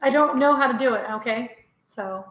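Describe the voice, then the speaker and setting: A woman's voice: on the high side, moderate pace, a bit bright. A middle-aged woman hosting a casual home vlog, chatting with viewers and laughing often. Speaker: vlogger host. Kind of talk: casual live chat with viewers. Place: indoors at home. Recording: roomy echo.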